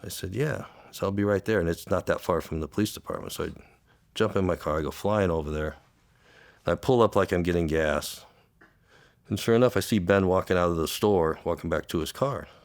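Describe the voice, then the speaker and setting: A man who worked undercover, recounting an old case in an interview, halting and repeating words, tearful at times, and acting out the lines of the people in the story. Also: low voice, no echo. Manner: halting, repeats words, acts out quoted dialogue. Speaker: interview guest, former undercover officer. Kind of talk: emotional storytelling.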